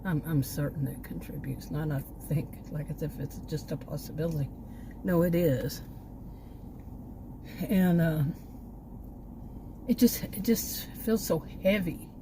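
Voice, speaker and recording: A woman's voice: sits low, unhurried, pauses often, background noise. An older woman rambling in a casual home vlog, cynical and often out of breath, with many restarts. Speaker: vlogger.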